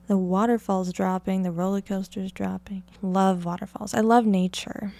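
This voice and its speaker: A woman's voice: mid-range voice, darkish tone. Chatty young woman from Oregon rambling. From Oregon, United States. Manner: chatty and rambling, heavy use of "like", light laughter. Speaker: podcast host. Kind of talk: casual solo podcast chat.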